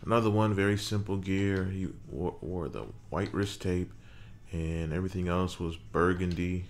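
A man's voice: low voice, fairly even intonation, moderate pace. A man casually narrating as he builds a wrestler in a video game, often muttering to himself and swearing now and then. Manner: muttering to himself while working, mild swearing. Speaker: gaming creator.

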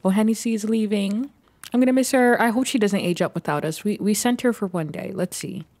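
A woman giving excitable, chatty let's play commentary as she plays a life-simulation game, narrating each move. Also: mid-range voice, a little fast, dry recording. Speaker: gaming YouTuber.

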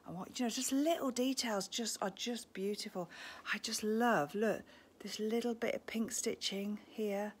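A woman hosting a live-streamed shop tour. She is chatty and gushing, sometimes dropping to a hushed near-whisper, and speaks into a handheld phone in an indoor shop. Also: medium pitch, measured pace, breathy edge. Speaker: shop host. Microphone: phone camera held in hand.

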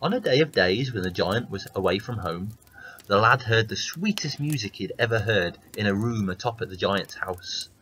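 A man reading a fairy tale aloud as a storyteller, in steady, plain narration. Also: fairly low pitch, moderate pace, a little hiss or hum, poor audio.

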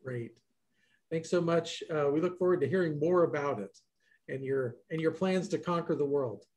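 A man's voice: fairly high pitch, moderate pace, a little mellow. A man hosting a casual roundtable over a video call, loose and joking. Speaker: host.

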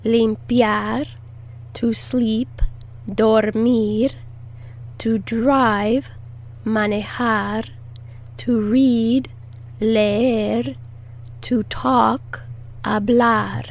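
A woman teaching a lesson, repeating each word slowly and deliberately and stressing syllables for learners to copy. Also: fairly high pitch, fairly even intonation. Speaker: Spanish teacher. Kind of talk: slow, clear language lesson.

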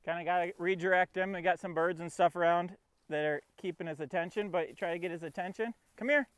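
A man's voice: high voice, fairly even intonation, fast talker, slight background noise. A man training his puppy outdoors, coaxing the dog and explaining each step in a casual vlog. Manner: coaxing and talking to his dog, narrating between commands. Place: outdoors in a field.

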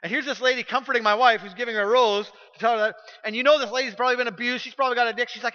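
High, bright-voiced preacher in a reverberant hall. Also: male voice, fairly even intonation, racing, few pauses. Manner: storytelling, emphatic, repeats phrases when pressing a point. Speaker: pastor. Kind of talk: sermon. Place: church sanctuary. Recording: dull recording with long hall reverb.

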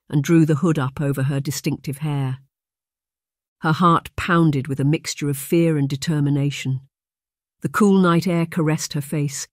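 An audiobook narrator reads a romance novel from a script, telling the story in a steady, measured way. The voice is mid-range, and the recording is studio quality with no room sound.

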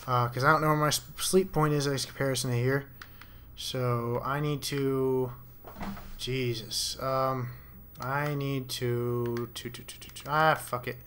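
A man's voice: mid-range voice, little pitch movement, unhurried, fairly bright tone, a little hiss or hum. A young man giving rambling, profane commentary to himself while playing a game. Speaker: gamer. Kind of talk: casual let's play commentary.

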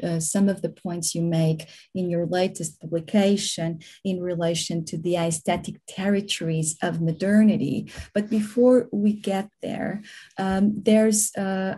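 A woman hosting an academic conversation, introducing her guest and asking careful, measured questions. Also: lowish voice, dark tone. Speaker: interviewer and host.

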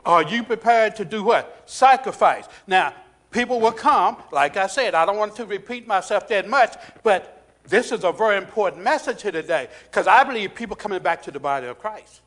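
A man preaching a sermon in a church, calling out to the congregation, repeating phrases and dropping to a hushed intensity in prayer. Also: high-pitched. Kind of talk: sermon with altar call. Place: church sanctuary.

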